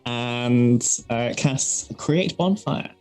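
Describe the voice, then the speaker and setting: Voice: medium pitch, very slow, darkish tone, clear, resonant tone, soft background music. A player in a tabletop game, speaking hesitantly with many fillers.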